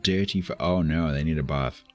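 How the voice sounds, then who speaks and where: A man's voice: a bass voice, moderate pace, faint music behind. A man streaming a game live, chatting casually and chuckling as he thinks aloud. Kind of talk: casual live gameplay commentary.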